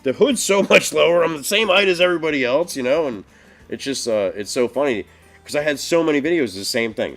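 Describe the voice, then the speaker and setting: A man on a casual live stream, telling road stories in an animated way and swearing a lot. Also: fairly high pitch, fast talker, faint music behind. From northeastern US. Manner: animated storytelling, heavy swearing. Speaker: podcast co-host.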